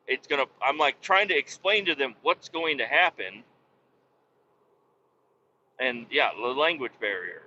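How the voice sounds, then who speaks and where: Profane, exasperated bright-voiced man. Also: medium pitch, lively intonation, a little slow, long pauses. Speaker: podcast host and vac truck operator. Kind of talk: casual storytelling. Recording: dull lo-fi sound with faint noise.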